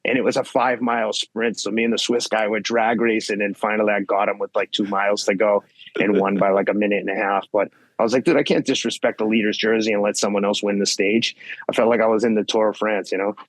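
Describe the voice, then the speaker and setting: A man in his fifties, a guest athlete telling race stories in blunt, profane, animated casual chat. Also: lowish voice, fast, no room sound. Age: 50s. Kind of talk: casual podcast storytelling.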